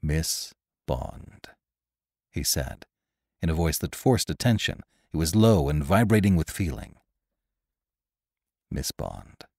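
A man voicing a stern male detective who questions in a low, tense, clipped way in a storybook reading. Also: a little mellow, no room sound, clean studio sound. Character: stern male scientific detective, cool and relentless.

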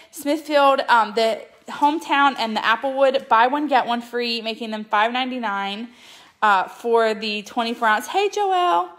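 A woman's voice: fairly high pitch, fairly bright tone. A woman, chatting casually and upbeat through a shopping haul with plenty of ums. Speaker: couponing vlogger.

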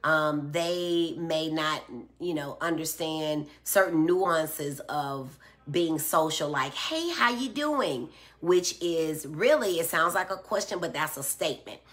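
A woman's voice: sits low, steady tone, slow, fairly bright tone. A middle-aged woman hosting a live stream, reading out viewer comments and explaining patiently with everyday examples. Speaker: host answering viewer comments. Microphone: phone or tablet.

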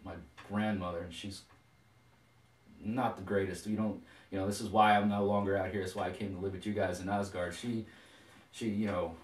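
A man voicing a laid-back young god who talks in a halting, casual way, recorded with a roomy echo from a distant mic. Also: low-pitched, flat delivery, lightly acted. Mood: rueful.

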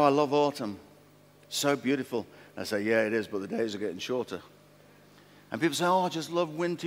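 A middle-aged man preaching a sermon as pastor, telling stories in an animated, repeating way with restarts. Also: mid-range voice. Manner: animated, repetitive storytelling with many restarts. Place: large former theatre used as a church. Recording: long reverb of a large hall.

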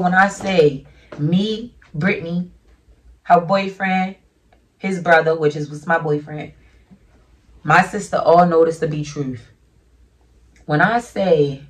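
A woman's voice: fairly low pitch, a bit bright, distant mic. A young woman vlogger telling a casual storytime in a brash, profane, emphatic way.

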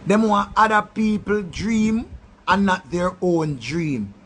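A man with a Jamaican accent ranting loudly in a commentary, throwing insults in patois. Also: high voice, slow pace, slight background noise. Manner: loud, insulting rant in patois. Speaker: online commentator.

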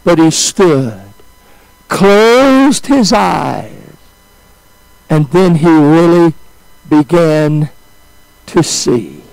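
A male preacher telling a story in a sermon, swinging from high exclamations to hushed, drawn-out phrases. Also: sing-song, gravelly, dry recording, rough recording.

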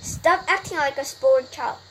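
A woman's voice: a little slow, noisy background, natural voice. A woman with a Korean first language voicing a frantic young male pig who begs and pleads, reading aloud from a storybook. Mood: shouting. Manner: high, urgent, begging.

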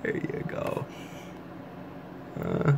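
A man filming his pet lizard on a phone, talking to it in a slow, easygoing, cooing way. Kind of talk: casual home video chat. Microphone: phone camera. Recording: noisy home phone recording.

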